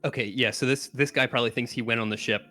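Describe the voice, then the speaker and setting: A man's voice: medium pitch, steady tone, fast, sharp tone, faint music behind. A man playing a tabletop game, talking in loose rambling sentences full of likes. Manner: rambling, lots of likes and restarts. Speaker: player. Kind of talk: casual tabletop play.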